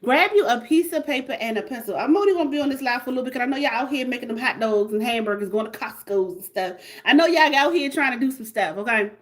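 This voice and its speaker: Woman, livestream host, hyped, repetitive, slightly high voice. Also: animated, fast, few pauses. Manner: repetitive, hyped, call-and-response. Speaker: livestream host selling a membership. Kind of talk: casual livestream pitch.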